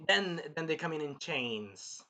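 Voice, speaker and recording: A reviewer excitedly recapping an anime episode, acting out the characters' shrieks and cries and often losing track mid-sentence. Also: mid-range voice, unhurried. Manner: animated, acts out shrieks and cries; rambling, loses track and restarts.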